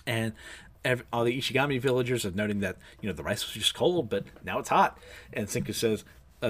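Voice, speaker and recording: A man with a lisp chattily recaps an anime episode, reading out the characters' lines and laughing at himself between them in a self-deprecating way. His mid-range voice is brisk, a bit bright, and slightly rough.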